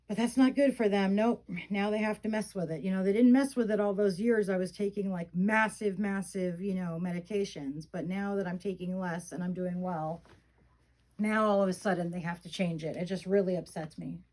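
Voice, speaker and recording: A woman's voice: medium pitch, steady tone, moderate pace, a little mellow, poor audio. A middle-aged woman chatting casually in a vlog, venting her frustration between fond remarks about her dolls, rambling with lots of fillers. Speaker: reborn doll vlogger. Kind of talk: casual chat.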